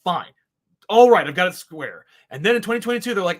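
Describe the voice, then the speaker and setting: Man, podcast co-host, casual comics review, rambling, wry, exasperated, higher-pitched. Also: lively intonation, fairly quick.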